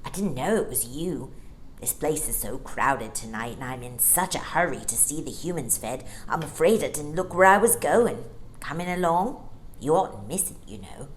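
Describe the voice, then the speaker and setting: Lady doing a big friendly lion, low, easygoing. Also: lively intonation, a little hiss or hum, poor audio. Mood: genial. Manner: low, genial, unhurried.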